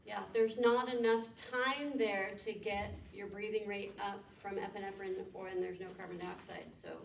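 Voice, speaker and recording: A woman's voice: mid-range voice, fairly even intonation, moderate pace, creaky, few pauses. A woman professor giving a classroom lecture, quizzing students and explaining step by step. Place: lecture room. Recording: echoey room mic from far off, background noise.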